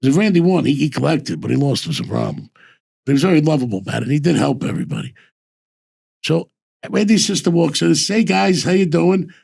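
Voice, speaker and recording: A man's voice: fairly high pitch, wildly swooping pitch, fast, a little mellow. An older man telling rambling stories in casual talk, repeating "I says" and restarting his sentences. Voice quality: gravelly, husky. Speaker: host and former bookmaker. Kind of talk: casual storytelling.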